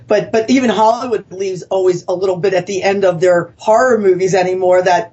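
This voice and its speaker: A woman's voice: mid-range voice, fairly quick, warm tone. A woman author telling her story as a guest in an interview, rambling and earnest, with self-corrections and fillers. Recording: dull lo-fi sound.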